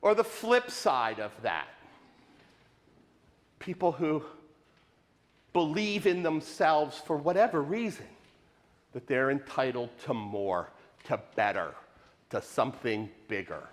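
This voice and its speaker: A man preaching a sermon to his congregation, animated and questioning, with lots of rhetorical repetition. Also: medium pitch, slow pace, long pauses. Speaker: pastor. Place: church sanctuary. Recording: live in a reverberant sanctuary.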